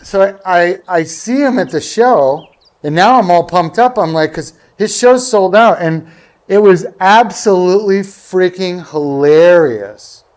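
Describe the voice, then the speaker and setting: A man with a fairly high-pitched voice tells a rambling story in relaxed, casual conversation. He keeps slipping into the voices of the people he quotes as he goes. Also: measured pace. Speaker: guest golfer. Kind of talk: casual anecdote telling.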